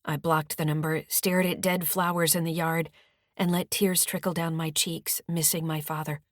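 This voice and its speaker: A woman narrates a first-person audiobook in a calm, measured way, her voice sitting on the low side. The recording is dry and close, with no room sound. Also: no room sound. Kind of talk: scripted narration.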